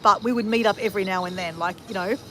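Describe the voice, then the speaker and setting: A woman's voice: mid-range voice, fast talker, pushed and bright, slight background noise. A woman of fifty chatting casually on a travel livestream and answering viewers in a rambling, talkative way with frequent swearing. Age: 50s. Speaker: travel vlogger.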